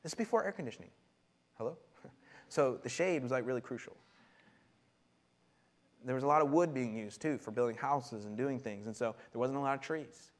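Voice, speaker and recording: A man preaching a sermon and teaching from scripture, animated, laughing often and repeating words as he goes. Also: mid-range voice, a little fast, pauses often. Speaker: pastor.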